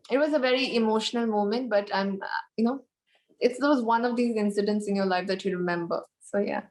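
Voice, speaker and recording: A young woman from India, in her twenties, speaks as an interview guest over a video call. She sounds earnest and openly emotional, pausing with thoughtful fillers as she gathers her words. Her pitch sits in the middle for a woman. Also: darkish tone. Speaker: pageant contestant guest. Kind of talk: candid interview chat.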